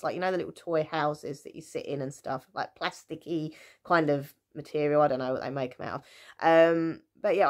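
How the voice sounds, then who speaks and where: A woman in her thirties tells stories from her childhood in a relaxed, chatty way. Her voice sits a little low, and she often laughs at herself, stops to correct herself, and pads her lines with ums. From England. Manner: chatty, giggly, self-mocking, many fillers. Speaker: vlogger. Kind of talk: casual storytime chat.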